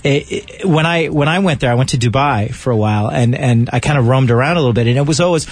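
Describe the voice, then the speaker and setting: A man's voice: medium pitch, fast, husky. A man co-hosting a radio show, explaining things in a rambling way with a lot of restarts. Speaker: radio co-host. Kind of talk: casual radio banter.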